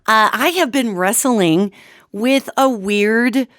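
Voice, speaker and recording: A middle-aged woman hosting a solo talk show on metaphysics, hoarse from a cold, chatty and animated as she addresses her listeners. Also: on the high side, takes it slowly, no echo, studio quality. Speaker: radio show host.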